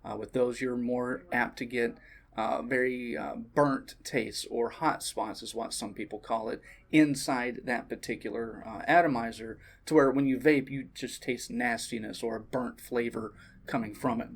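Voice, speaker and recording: A man's voice: mid-range voice, steady tone, moderate pace, gravelly, breathy edge. A man on a vape shop's staff giving a casual product review, easygoing and sprinkled with ums and uhs.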